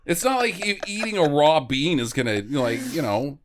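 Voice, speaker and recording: A man with a high, very lively voice riffs on a bad movie with his co-hosts. He talks loosely and jokingly, laughing a lot and jumping into goofy impressions of the characters. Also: brisk, few pauses. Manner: animated, acts out silly voices and laughs often. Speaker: podcast co-host. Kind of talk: casual comedic movie riffing.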